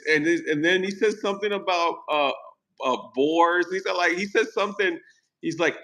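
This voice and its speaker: Rambling, cursing podcast host, bright voice. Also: male voice, high voice, normal speed. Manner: rambling, profane, animated. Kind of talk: casual movie chat.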